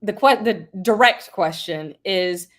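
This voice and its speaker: A woman's voice: medium pitch, takes it slowly. A woman hosting a casual interview, laughing often and asking long, winding questions.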